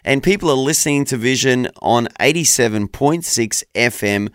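A man's voice: mid-range voice, animated, moderate pace, clean tone, no echo, clean studio sound. A man, co-hosting a casual Christian radio show in an upbeat, chatty way. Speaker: radio co-host. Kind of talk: casual breakfast radio chat.

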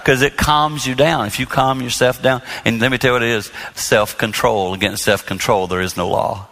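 A middle-aged man giving a sermon-style talk on marriage to an audience, dropping to soft half-voice asides. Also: mid-range voice, moderate pace. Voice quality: bright, lively delivery with soft half-voice asides. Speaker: marriage speaker.

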